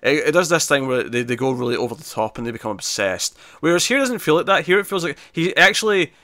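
Bright-voiced, animated man chatting. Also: on the high side, dry recording, studio quality. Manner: animated, rambling, drops into quick impressions. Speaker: podcast co-host. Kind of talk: casual chat reviewing a TV episode.

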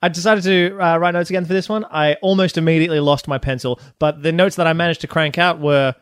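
A man hosting a casual podcast among friends, jokey and deadpan. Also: fairly high pitch, fast talker, hardly any pauses, clear, resonant tone, no echo, clean studio sound. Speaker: podcast host.

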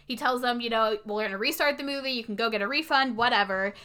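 A woman's voice: fairly high pitch, quick pace, bright, forceful tone. A woman co-hosting a casual chat, retelling a movie's plot and acting out the characters' lines. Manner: chatty, acts out character quotes. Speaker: podcast co-host recapping a movie.

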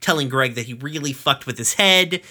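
A man's voice: medium pitch, pushed and bright. A man hosting a podcast, casually recapping a cartoon episode with swearing and jokes. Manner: swearing, jokey recap with quick acted quotes. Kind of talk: casual chat.

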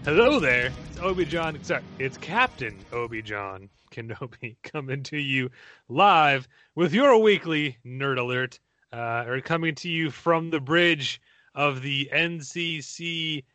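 A man's voice: fairly high pitch, lively intonation, a little slow, bright, forceful tone, no echo. A chuckling male podcast host rambles through his intro in a slightly raised voice. He mocks himself as he goes. The sound is dry and close, with faint music underneath. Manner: rambling, laughing, self-mocking. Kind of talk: casual chat.

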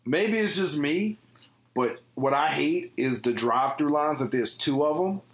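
A man co-hosting a podcast, laying out his everyday gripes in measured casual chat. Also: on the high side, expressive, fairly bright tone, reverberant. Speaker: podcast co-host.

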